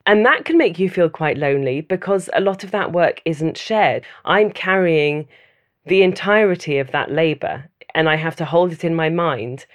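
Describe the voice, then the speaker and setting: A woman giving a thoughtful, measured personal account in an interview, often listing things in runs. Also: low voice. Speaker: mother interviewed about loneliness.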